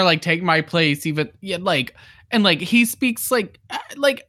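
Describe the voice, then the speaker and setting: A woman's voice: on the low side, big pitch swings, moderate pace, fairly bright tone. A woman co-hosting a podcast, giving casual movie commentary in an emphatic, incredulous way and filling her talk with "like".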